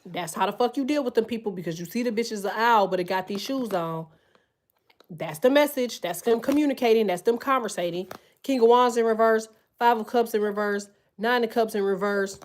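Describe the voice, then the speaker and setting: A woman giving a loud, animated, profanity-filled casual tarot reading, full of slang. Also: fairly high pitch, normal speed. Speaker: tarot reader.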